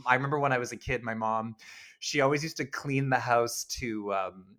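A man's voice: mid-range voice, a little fast, fairly bright tone. Chatty man co-hosting a podcast. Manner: chatty, frequent laughs and restarts. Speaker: podcast co-host. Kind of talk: casual film discussion.

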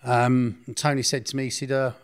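A man tells his own story in a plain, middle-pitched voice. He talks bluntly and drops in street slang, often breaking off and restarting mid-sentence as he recounts events. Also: level tone, brisk, clean tone. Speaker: interviewee.

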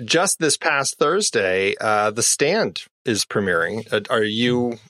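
Man, co-host, casual chatter, middle pitch, dry recording. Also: expressive, slow pace, bright, forceful tone, dry recording. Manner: chatty, lots of fillers and laughs, asks questions. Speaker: podcast co-host. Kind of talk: casual chat.

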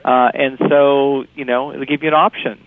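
A man's voice: medium pitch, level tone, moderate pace, no room sound. A man hosting a podcast in casual chat, rambling and chuckling often. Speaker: podcast host. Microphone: phone. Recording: tinny phone line.

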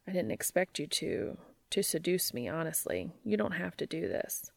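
A woman's voice: deep voice, big pitch swings, normal speed, no room sound, studio quality, heavily acted. Cass, a woman voicing a shy whispering man. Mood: tender. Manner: soft, breathy whispers. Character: shy earnest adult man, lover. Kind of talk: amateur audiobook reading.

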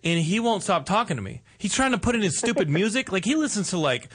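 A man hosting a podcast, telling a story with animated put-on voices for the people in it. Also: high-pitched, quick pace, slightly rough. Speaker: podcast host. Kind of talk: casual storytelling chat.

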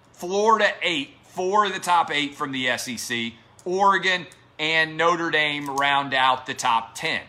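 A man's voice: fairly high pitch, pushed and bright. A man hosting a sports talk show, delivering an emphatic, combative solo monologue that repeats its key points.

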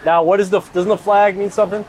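Easygoing co-host, slightly high voice. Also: male voice, little pitch movement, fast talker, a little mellow, a little hiss or hum. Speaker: podcast co-host. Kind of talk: casual banter.

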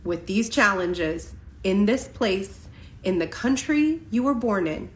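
A woman giving an impassioned spiritual tarot reading, speaking emphatically with slow, deliberate pauses. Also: mid-range voice, lively intonation, reverberant, low-quality recording. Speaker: tarot reader. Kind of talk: spiritual reading for a general audience.

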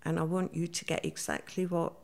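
An older woman tells her stories in a chatty interview. Her voice sits low and has a gravelly, fried edge. She slips into the voices of the people she quotes as she goes. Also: little pitch movement, a little fast. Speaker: guest. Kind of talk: storytelling interview.

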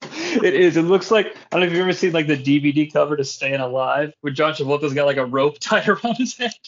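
A fairly high-voiced man chats about a wrestling show with animated, joking energy and drops casual swears. The recording sounds dull and lo-fi, like a home podcast. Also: fast. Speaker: podcast host. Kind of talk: casual wrestling recap chat.

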